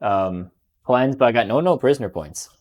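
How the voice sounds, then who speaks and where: A man in casual banter over a tabletop wargame. He talks fast through rules and dice rolls, breaking into excited outbursts when a roll goes badly. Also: mid-range voice. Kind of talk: casual battle report banter.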